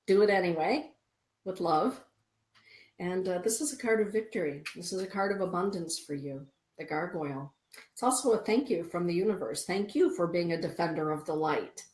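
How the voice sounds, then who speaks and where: Speaking at a fairly low pitch with a slightly mellow tone, a middle-aged woman hosts a spiritual stream live. Soothing and repetitive, she reads out viewers' comments and oracle cards, and the room she records in is echoey.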